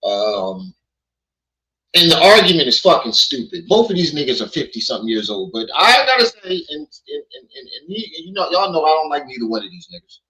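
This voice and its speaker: A man's voice: a little high, very animated, brisk, bright, forceful tone, poor audio. A man hosting a casual livestream, joking and swearing as he talks to his chat. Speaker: livestream host. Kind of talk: casual commentary stream. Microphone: streaming mic.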